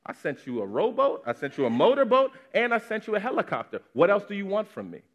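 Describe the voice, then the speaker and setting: A man's voice: high-pitched, very animated, fast talker, highs cut off, voice pushed up. A man voicing an exasperated God answering a stubborn man in a sermon story.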